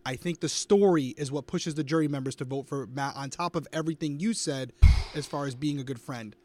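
A man co-hosting a casual live stream, making fast, emphatic calls. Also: fairly high pitch, darkish tone, slight background noise. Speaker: co-host.

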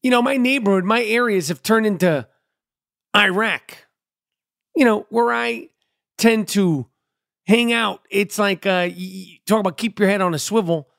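A man's voice: high voice, a little slow, gravelly, fairly bright tone, dry recording, clean studio sound. Profane, rambling New man. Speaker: podcast host. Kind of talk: casual monologue.

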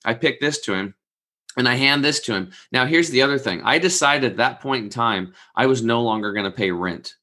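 On a casual podcast, a man in his forties tells a long personal story in a mid-range, animated voice that's brisk, bright, and forceful. He acts out the people he quotes and swears freely.

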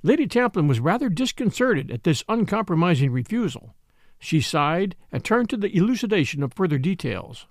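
A man narrating a novel in a scripted reading. His pitch is lively and slightly raised. The recording is close and dry. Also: normal speed, no room sound. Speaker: audiobook narrator.

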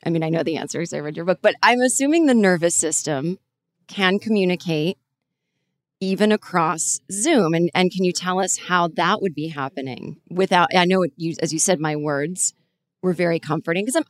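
Woman hosting a podcast over zoom, lowish dry voice, chatty and rambly. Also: dry recording. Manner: chatty, self-deprecating, rambling asides. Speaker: podcast host. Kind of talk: casual chat. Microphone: video call.

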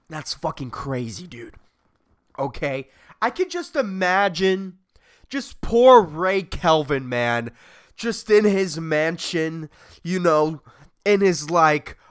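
A man's voice: on the high side, smooth. A man hosting a solo comedy podcast, rambling and swearing, laughing at his own jokes. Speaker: podcast host.

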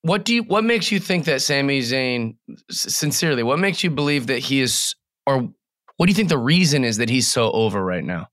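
A man of middle pitch speaks in a dry, close recording, talking loosely and thinking aloud. He asks questions and chips in with his own take. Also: sing-song, brisk, fairly bright tone, dry recording. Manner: asks questions, reacts with laughs. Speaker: podcast co-host. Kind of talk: casual chat.

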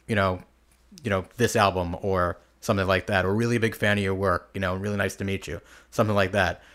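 A man in a casual podcast chat tells a story with a bright, forceful tone. He acts out the quoted lines with plenty of animation. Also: on the low side. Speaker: podcast co-host.

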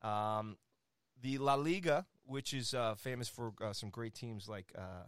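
A man hosting a casual soccer scores segment, energetic and playful, with lots of fillers, teasing his co-host. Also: mid-range voice, a little slow, clean tone, no room sound. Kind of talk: casual sports rundown on a talk show.

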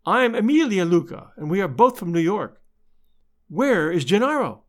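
A man reading aloud and voicing a passionate young Italian wife who speaks in exclamations and halting English, with an Italian accent. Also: high-pitched, sing-song. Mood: excited.

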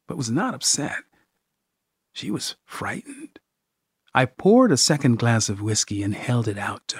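A man narrating a first-person story in a measured, expressive audiobook style. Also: medium pitch, slightly rough, dry recording, clean studio sound.

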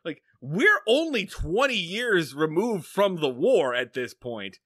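A man co-hosting a podcast, chatting casually and profanely, retelling scenes with quick mock voices. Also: high-pitched, big pitch swings, fairly bright tone, dry recording, clean studio sound. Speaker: podcast co-host. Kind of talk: casual comedic chat.

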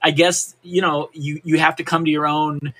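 A man's voice: on the high side, level tone, normal speed, bright, forceful tone. An older man from Reno, a punk musician guest, talking casually in a podcast interview with many restarts and "you know"s. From Reno, Nevada, USA.

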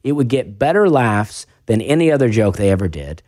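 A man's voice: fairly low pitch, big pitch swings, fairly quick, darkish tone, no room sound, clean studio sound. Rambling man with a faint Southern accent. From American South. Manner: rambling, self-deprecating, frequent restarts. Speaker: stand-up comedian guest. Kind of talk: casual podcast conversation.

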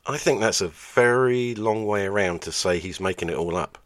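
A man's voice: fairly low pitch, normal speed. A man narrating over archive clips, making sarcastic, dry asides.

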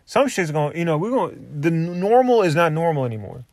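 A young man hosting a comedy podcast, with a slightly high voice and loose, joking banter. He swears freely and keeps trailing off and restarting. The sound is dry and close to the mic. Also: big pitch swings, quick pace, darkish tone, no room sound.

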